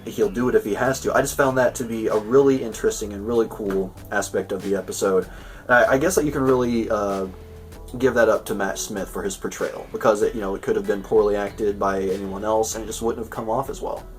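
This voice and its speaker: Reviewing an episode casually, a male show host rambles and keeps restarting his sentences. His lowish voice is steady and fairly quick, picked up a bit far from the mic over faint music.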